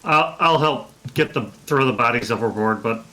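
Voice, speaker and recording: Bright-voiced man in a tabletop game. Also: medium pitch, expressive, low-quality recording. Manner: easygoing and halting. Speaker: player. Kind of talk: casual tabletop play.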